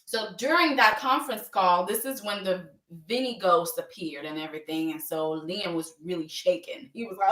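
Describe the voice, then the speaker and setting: A woman's voice: lowish voice, moderate pace, few pauses, echoey room, distant mic. A woman chatting casually as she recaps a soap opera, acting out the characters' lines with lots of laughs. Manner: animated, acts out characters' lines, frequent laughs.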